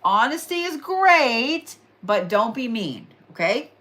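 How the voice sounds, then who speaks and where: A woman's voice: a little high, very animated, slow pace, fairly bright tone. A young woman with an Oklahoma accent hosting a casual horoscope reading, tired and yawning, chatty and teasing, repeating phrases for emphasis. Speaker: astrology and reiki livestream host.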